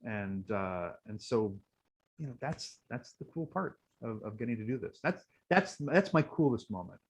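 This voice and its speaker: A man speaking as an interview guest in a relaxed, storytelling way. He circles back often with fillers and restarts. He gets choked up as he talks. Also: medium pitch, moderate pace, breathy edge, rough recording. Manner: emotional, many fillers and restarts. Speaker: guest, costume performer.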